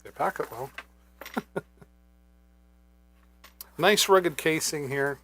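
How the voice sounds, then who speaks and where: A man's voice: on the high side, lively intonation, very slow, pushed and bright, husky. A man hosting a live shopping stream on a wireless microphone, talking casually with many fillers. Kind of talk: live product demo.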